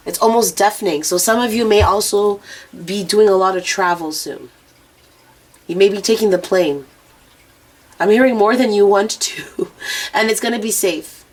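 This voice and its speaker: A woman gives an intuitive spiritual reading outdoors, addressing the viewer directly. She is blunt and unfiltered, with frequent swearing. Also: mid-range voice. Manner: frank and profane, speaking straight to the viewer. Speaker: oracle and rune reader. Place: outdoors near planes and traffic.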